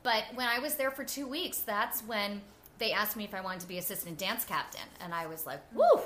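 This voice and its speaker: Bright, chatty New woman. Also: mid-range voice, a little fast, a little hiss or hum. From New Jersey. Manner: animated and chatty, with frequent "like" and laughter. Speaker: guest. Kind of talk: casual interview storytelling.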